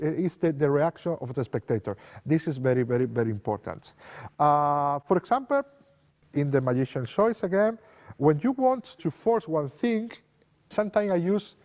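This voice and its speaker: A man teaches card magic in non-native English, using simple, repetitive phrasing and acting out example lines meant for a spectator. His voice is slightly high, very animated and a bit mellow, at a normal speed. The recording has long reverb and a dull, lo-fi quality.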